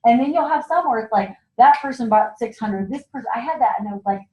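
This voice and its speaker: A woman's voice: fairly high pitch, animated, darkish tone, slight background noise. A woman giving a chatty sales training talk at a meeting, acting out what customers say. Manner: chatty, acts out customer lines in quick voices. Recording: echoey room, dull lo-fi sound.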